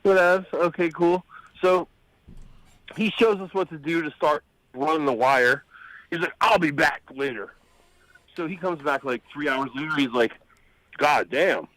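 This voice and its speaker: A man's voice: on the high side, moderate pace, a bit bright, no echo, rough recording. A man co-hosting a live radio show, telling a rambling, profane story and acting out the voices of the people in it. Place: radio studio.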